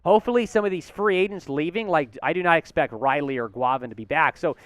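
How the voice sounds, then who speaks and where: An excitable male sports host running a live news stream, his voice high and smooth. The sound is dry and close, with almost no room to it. He talks with rising hype and gets winded from all the excitement. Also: fast, no room sound. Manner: excitable, hyped, chants and cheers. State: out of breath.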